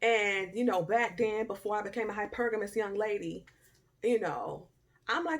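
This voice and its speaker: A young woman telling a personal story to camera in a casual, animated way, with loud outbursts, quiet murmurs and slangy asides. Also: mid-range voice, moderate pace. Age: young adult. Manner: informal Southern-style slang and asides. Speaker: storytime vlogger.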